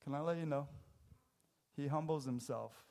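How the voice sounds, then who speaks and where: A man preaches a sermon in a church with a slightly higher than average voice. His delivery is casual and jokey, with sudden loud, emphatic bursts. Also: moderate pace, vocal fry. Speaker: pastor. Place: church sanctuary.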